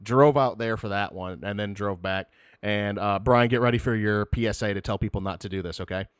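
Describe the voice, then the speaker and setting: A man's voice: lowish voice, fairly quick, smooth, no echo, clean studio sound. A young man co-hosting a podcast, telling rambling, self-deprecating road stories in casual chat. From Michigan. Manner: rambling storyteller, self-deprecating, laughs often. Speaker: podcast co-host.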